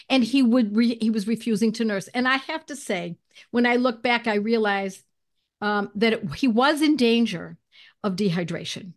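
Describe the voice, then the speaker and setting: A woman guest in an interview, telling a personal story in an animated way and clearing her throat now and then. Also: on the high side, moderate pace. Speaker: guest, homeopathy educator.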